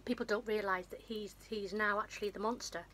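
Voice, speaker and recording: A woman's voice: medium pitch, fairly even intonation, brisk, fairly bright tone, slight background noise. A woman casually retelling a film's plot in a rambling, self-deprecating way, with a runny nose. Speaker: vlogger. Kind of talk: casual film recap.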